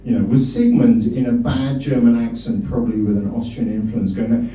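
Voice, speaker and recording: A man's voice: medium pitch, lively intonation, moderate pace, hardly any pauses, mellow. A male stand-up comedian in a comedy club, rambling and teasing the audience. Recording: echoey club from a distance.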